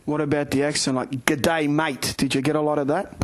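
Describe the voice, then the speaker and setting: Higher-pitched Australian interviewer, pushing questions. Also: male voice, fast talker. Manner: energetic, leading questions. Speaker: boxing show host, interviewer. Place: indoors in the Philippines.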